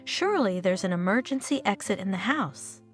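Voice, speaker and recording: A woman's voice: medium pitch, animated, normal speed, faint music behind, lightly acted. A woman voicing a young woman who plays an artless, chatty country girl in an audio story. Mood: eager.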